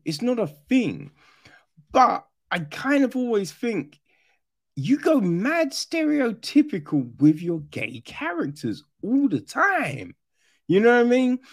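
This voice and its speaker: A man giving a casual, profane film review, animated and often mimicking characters. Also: high-pitched, gravelly.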